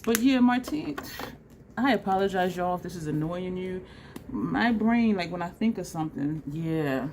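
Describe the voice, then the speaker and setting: A woman vlogging a makeup tutorial in a chatty, excitable way, talking straight to her viewers. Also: on the low side, moderate pace, a little hiss or hum. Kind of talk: casual makeup tutorial chat.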